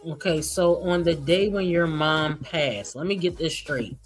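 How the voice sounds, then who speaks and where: A woman's voice: low voice, a little slow, faint music behind. A woman streamer giving sarcastic, gossipy commentary on clips she plays. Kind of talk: reaction commentary.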